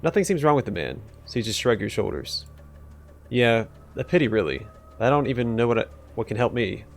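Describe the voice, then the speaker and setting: A man's voice: mid-range voice, sing-song, brisk, vocal fry. A man hosting a let's play, making wry asides and reading choices aloud with frequent fillers. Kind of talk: casual gameplay commentary and reading dialogue aloud.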